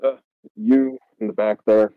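Deep-voiced dude playing his character, bossy and dry, tinny phone-line sound. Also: fairly even intonation, a little slow, no room sound. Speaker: player. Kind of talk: playing a character in a tabletop game.

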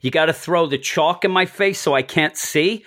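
A man's voice: moderate pace, dry recording, clean studio sound. A man co-hosting a casual comic book podcast, joking and acting out quotes. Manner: animated, jokey, acts out quotes with big pitch swings. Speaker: podcast co-host.

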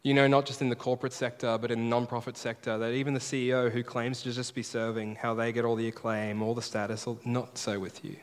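A male pastor preaching a sermon, emphatic and repeating his key phrases slowly. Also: medium pitch, level tone, clean tone. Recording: preaching in a large reverberant hall.

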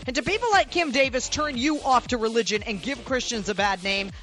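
A woman's voice: a little high, brisk, a bit bright, soft background music. A woman from the Boston area with a Boston accent, hosting a talk radio show and delivering an indignant, sarcastic monologue full of rhetorical questions.

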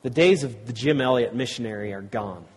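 A male preacher talks in a loose, conversational way, stopping and restarting as he speaks to the audience. His voice is husky. It echoes with the long reverb of a large church hall. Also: mid-range voice, fairly quick. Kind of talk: sermon with storybook reading.

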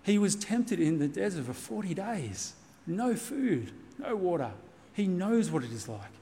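A man's voice: high voice, sing-song, measured pace, warm tone, big-room sound, a little hiss or hum. A man preaching a sermon as pastor, earnest and reassuring, repeating key points for emphasis. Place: church.

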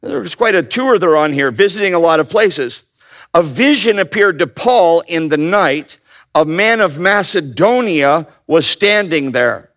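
A man teaching a Bible study in a lively, joking way, often calling on his listeners to answer. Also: fairly high pitch, unhurried. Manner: animated, playful, calls out to the audience. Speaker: pastor.

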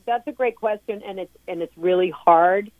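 Over a dry, tinny phone connection, a middle-aged mother of a recovering addict answers interview questions at a moderate pace. Her mid-range voice is earnest and emphatic, and she frequently starts over mid-thought.

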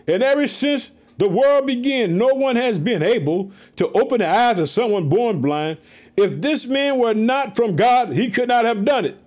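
Male preacher with a high voice, animated and casual, reads and comments on scripture, reaching for his listeners. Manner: animated, talks straight to listeners, repeats phrases, casual slang; swings between raised, quick bursts and low, slow asides. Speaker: preacher reading and explaining scripture. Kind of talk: lively Bible reading with commentary.

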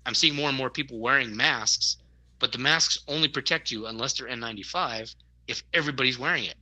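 A man talks through everyday stories in loose podcast chat, often stopping to restart his sentences. His voice is very bright. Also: mid-range voice, brisk, poor audio. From Arizona, USA. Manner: rambling, restarts, storytelling. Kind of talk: casual chat.

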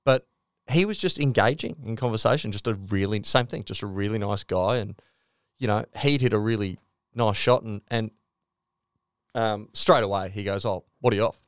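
A man's voice: fairly low pitch, normal speed, clean tone, no room sound, clean studio sound. An Australian man co-hosting a podcast, telling stories in casual sports chat, swearing freely and acting out what others said. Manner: storytelling, swears freely, acts out quotes. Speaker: podcast co-host.

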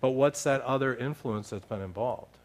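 A middle-aged man telling a humorous story to a church congregation, animated and laughing as he talks. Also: medium pitch, normal speed. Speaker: church leader sharing a story.

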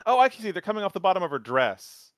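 Lively, enthusiastic man chatting. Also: sits high, rapid-fire, no echo, studio quality. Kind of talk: casual recap chat.

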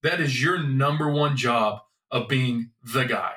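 A man's voice: medium pitch, a little slow, bright, forceful tone. A man co-hosting a podcast in casual sports chat, loose and rambling, now and then swearing. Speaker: podcast co-host. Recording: echoey room, mic at a distance.

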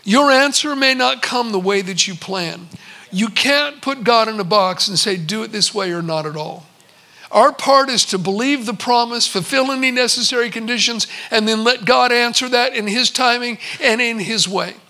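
A man in his sixties preaching a sermon, telling stories and slowing for emphatic pauses. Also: very high-pitched, bright, forceful tone. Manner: storytelling, with slow emphatic pauses. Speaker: pastor.

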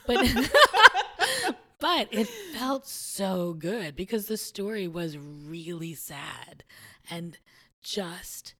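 A woman with a notably low voice tells a personal story in an easygoing conversation. She is reflective and laughs readily as she talks. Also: expressive, takes it slowly, fairly bright tone. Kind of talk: conversational podcast chat.

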